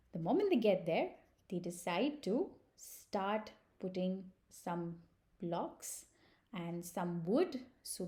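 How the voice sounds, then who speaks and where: A woman reading a children's story aloud as a preschool storyteller, gentle and unhurried. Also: mid-range voice.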